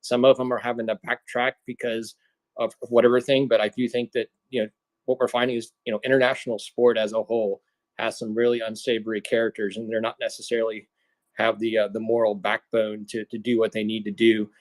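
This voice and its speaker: An American man gives his opinion in an earnest, measured way on a live audio chat. His voice sits at an everyday pitch. The sound is dry, with no room echo. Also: level tone. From United States. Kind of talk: casual live audio discussion.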